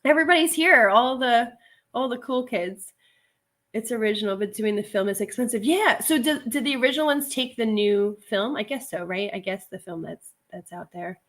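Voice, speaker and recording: A middle-aged woman, a reseller, hosts a casual livestream, reading viewer comments, laughing a lot and drifting into asides. Her voice is mid-range at normal speed.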